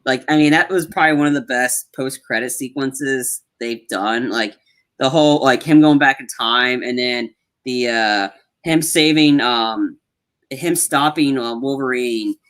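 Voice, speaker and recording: A man's voice: mid-range voice, unhurried, fairly bright tone. Male podcast co-host, mid-range voice, chatty movie recaps, loves acting out lines. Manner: retells scenes at length, acting out quoted lines. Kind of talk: casual movie review chat.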